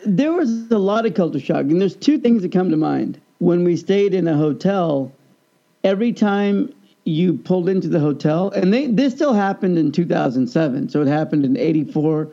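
A man's voice: high-pitched, normal speed, dull audio. A man in a casual chat, animatedly telling personal stories and acting out the voices of the people in them. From United States. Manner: animated storyteller, acts out quoted voices.

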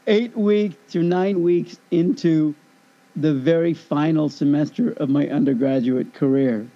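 A man in his fifties in casual chat, telling an animated story and acting out both sides of a conversation. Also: fairly high pitch, a little slow. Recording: dull lo-fi recording.

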